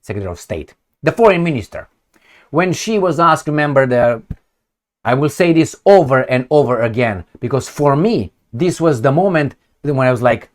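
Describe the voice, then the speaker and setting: A man's voice: mid-range voice, expressive, moderate pace. A man giving a sarcastic, profane political rant from indoors at home. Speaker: political commentator. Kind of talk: ranting political commentary.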